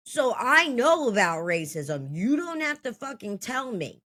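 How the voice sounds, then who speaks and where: A woman's voice: a little high, sing-song, unhurried, few pauses, fairly bright tone. A woman in her thirties telling a story from her own life in a blunt, heated, profane way. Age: 30s.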